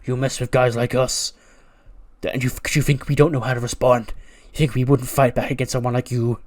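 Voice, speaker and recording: A man voicing a menacing, threatening male wrestler, loud and taunting in a game story. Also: medium pitch, fairly even intonation, takes it slowly.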